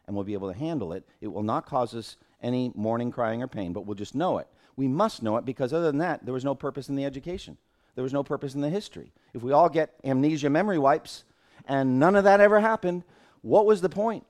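A man's voice: medium pitch, fast talker, darkish tone. A middle-aged man, a pastor, teaching a Bible class in an earnest way, thinking aloud and often restarting his phrases.

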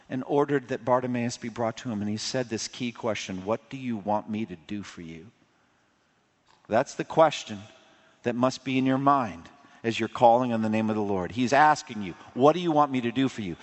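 A man preaches a fervent sermon in a church, his mid-pitched voice rising and falling between loud proclamation and hushed appeal. The sound carries a long reverb from the large hall around him. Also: normal speed. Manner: impassioned preaching, swelling louder on key points and dropping low for appeals. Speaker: pastor.

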